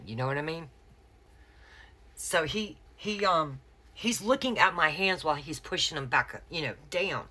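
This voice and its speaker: A middle-aged woman tells a personal story straight to her viewers, calling them y'all. Her voice sits very low for a woman, yet it comes across bright and forceful. She sounds chatty and candid throughout. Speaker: planner sticker vlogger.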